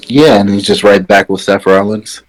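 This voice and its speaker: A man co-hosting a casual wrestling podcast, relaxed and opinionated, sitting some way back from his microphone. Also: fairly low pitch, normal speed, low-quality recording. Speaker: podcast co-host. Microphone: sitting far from his mic.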